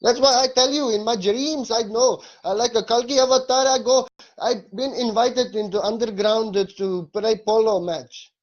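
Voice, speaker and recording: A jokey, mock-boastful Indian guru, as a man puts him on, pitched high and bouncing in a put-on Indian English accent. He brags in broken grammar. The sound is dull and muffled. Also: steady tone, moderate pace, hardly any pauses.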